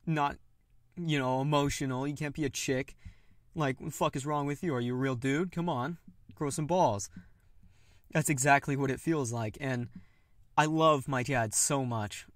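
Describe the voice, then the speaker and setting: A young man talking candidly and haltingly about his own feelings in a confessional monologue, with nervous laughs. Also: on the high side, a bit bright, no echo, clean studio sound. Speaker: podcast host.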